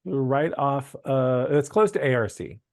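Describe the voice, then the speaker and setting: A man's voice: mid-range voice, lively intonation, measured pace, no room sound, studio quality. Chatty man hosting a church podcast. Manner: chatty, rambling with fillers and asides. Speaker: church podcast host and musician. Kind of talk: casual podcast chat.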